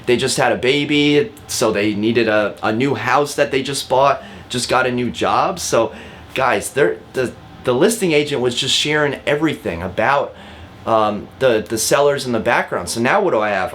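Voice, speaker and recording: A man's voice: mid-range voice, fairly bright tone, a little hiss or hum. A man, a real estate agent, giving a casual lesson to camera, talking directly with frequent fillers and repeats. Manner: chatty and direct, often calls viewers guys.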